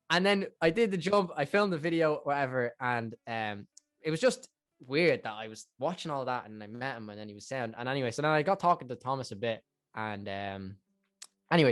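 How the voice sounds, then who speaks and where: A man's voice: medium pitch, no room sound. A young man in his twenties with an Irish accent, a podcast guest telling rambling stories and acting out what people said. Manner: animated, rambling, acts out quotes. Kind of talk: casual storytelling chat.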